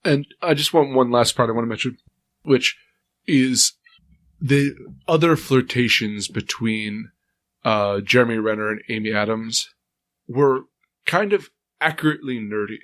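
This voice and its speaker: A man co-hosting a podcast, explaining his views on a movie in a measured, casual way. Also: mid-range voice, fairly bright tone. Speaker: podcast co-host. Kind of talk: casual movie review chat.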